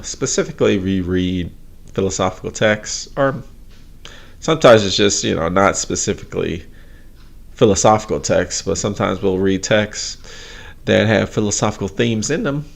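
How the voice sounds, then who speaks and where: Here a live-stream host talks in a relaxed, meandering style, frequently breaking into chuckles. His voice sits low with a creaky quality, and he comes across as weary and somewhat drained.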